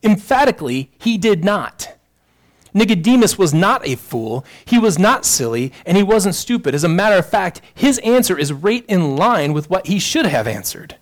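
Preaching man, somewhat high voice. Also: big pitch swings, moderate pace, hardly any pauses. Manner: earnest preaching, addresses listeners directly, rhetorical questions. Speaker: pastor. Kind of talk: sermon.

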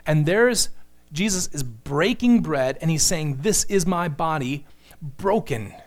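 A man preaching an earnest sermon, working through scripture verse by verse. His voice sits a bit higher than most men's. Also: animated, slow pace. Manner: earnest teaching with acted-out quotes. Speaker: pastor.

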